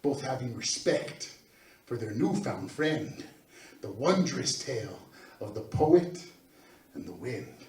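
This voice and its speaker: A man's voice: mid-range voice, sing-song, takes it slowly, long pauses. A man performing a spoken-word story poem with a rhythmic storytelling cadence, his line endings dropping away. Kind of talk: dramatic poetry recitation. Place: event hall on stage. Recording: echoey hall, picked up from a distance.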